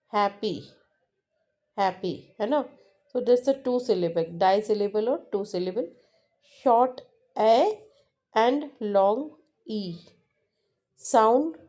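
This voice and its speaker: Lady teaching slow, mellow voice, kinda high, lots of uhs and restarts. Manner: slow and repetitive, with frequent fillers and restarts. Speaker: English teacher. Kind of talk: classroom lesson explanation.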